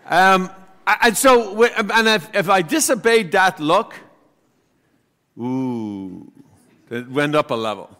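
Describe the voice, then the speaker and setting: A priest with a slightly high voice preaches to his congregation in a loose, conversational manner, full of pauses and restarts. He slips into the voices of the people in his anecdotes, and his words ring out with a long reverb through the church. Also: animated, pushed and bright. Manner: chatty, halting, acts out voices in his story. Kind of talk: homily with personal storytelling.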